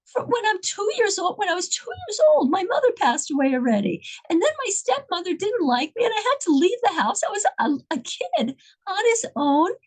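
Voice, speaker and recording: A grief-stricken young father pours out his despair to God, as a woman storyteller puts him on. His voice climbs very high and strains with anguish, pleading, then turning soft and quiet. It sounds like a desperate prayer in the middle of the night. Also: sing-song, normal speed, poor audio.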